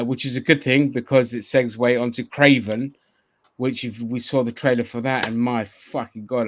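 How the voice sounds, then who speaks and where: A man's voice: medium pitch, dry recording. A man hosting a casual online chat show, rambling and swearing, with lots of restarts. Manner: profane, rambling, many restarts. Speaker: podcast host.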